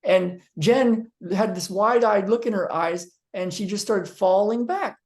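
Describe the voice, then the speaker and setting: Animated male storyteller. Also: sits high, measured pace. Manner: animated storyteller, acting out quotes; frequent ums and restarts. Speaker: physical therapist. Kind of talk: storytelling monologue to viewers.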